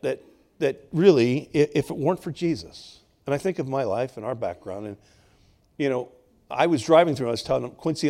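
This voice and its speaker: A man in his sixties, a pastor, preaching a sermon and telling personal stories, swinging between loud, emphatic bursts and quiet asides. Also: mid-range voice, gravelly.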